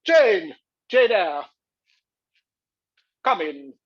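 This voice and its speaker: A man plays a vain, rakish aging movie star who speaks in a put-on English accent, flippant and posh. The voice sits high and husky, and the recording is dry and a little dull. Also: sing-song, extremely slow, no room sound, full character voice. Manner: boozy, flippant, posh showman.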